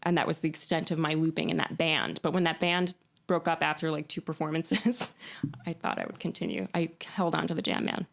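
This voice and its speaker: A woman musician being interviewed, telling stories in an animated way, often laughing and restarting her sentences. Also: deep voice, fairly quick, creaky. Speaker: musician guest. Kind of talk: casual interview chat.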